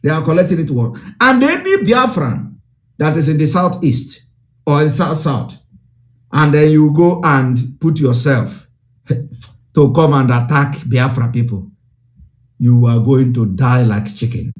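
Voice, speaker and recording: Man, Nigerian accent, high-pitched, very animated intonation, fiery declamatory broadcast talk. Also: measured pace. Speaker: political broadcaster. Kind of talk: impassioned broadcast address.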